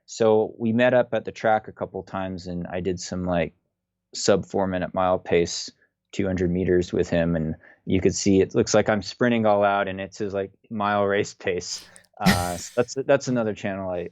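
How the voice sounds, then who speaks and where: Thirties male guest, low and easygoing, rambling with fillers, dull lo-fi call sound. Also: normal speed, no room sound. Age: 30s. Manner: relaxed, rambling, frequent fillers. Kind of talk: casual chat on a video call.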